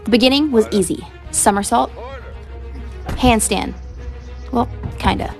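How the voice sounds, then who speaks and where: Woman, gravelly deadpan voice-over, mock serious, music underneath. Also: fairly high pitch, measured pace. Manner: deadpan, dry and self-mocking. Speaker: TikTok creator. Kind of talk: mock-epic voice-over narration.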